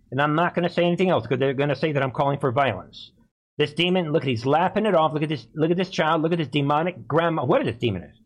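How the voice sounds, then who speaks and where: A man hosting a live-streamed political commentary show, talking emphatically and repeatedly calling out to his viewers. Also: a little high. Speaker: host of a political commentary channel.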